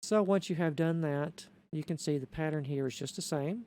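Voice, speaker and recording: A man narrates a building tutorial off the cuff, taking it step by careful step, pausing often and fixing his own mistakes. His voice is fairly high and mellow.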